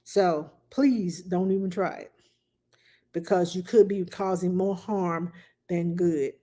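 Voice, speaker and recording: A woman's voice: on the low side, fairly even intonation, slow, dark tone. A woman hosting a casual advice talk for parents, telling stories chattily with many fillers and asides. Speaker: childcare advice host.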